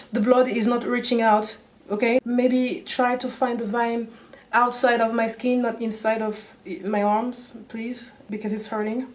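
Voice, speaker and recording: A woman with a French accent, a native French speaker, telling a story on her vlog in an animated way and swearing often. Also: on the high side. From France. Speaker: vlogger.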